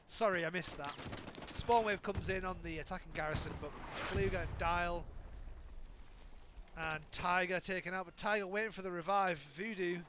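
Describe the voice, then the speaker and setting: A man giving live play-by-play commentary on an online shooter match, excitable and often correcting himself mid-sentence. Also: high voice, moderate pace. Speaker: game commentator. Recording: noisy with gunfire in background. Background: game gunfire and ambience.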